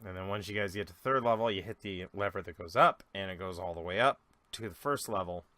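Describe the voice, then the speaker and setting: A young man as dungeon master, narrating a tabletop game in a relaxed, loose way with plenty of fillers. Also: low-pitched, fast, no echo.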